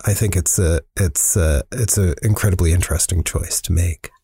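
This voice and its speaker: A man hosting a radio interview, asking calm questions and encouraging his guest. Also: deep voice, normal speed, slightly rough, dry recording, clean studio sound. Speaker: radio host.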